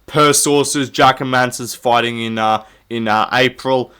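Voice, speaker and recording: This young man does jokey, profanity-laced MMA commentary on YouTube, rambling along and cracking himself up in a casual, comedic way. His mid-range voice is pushed, bright and smooth, holding a steady tone at a measured pace.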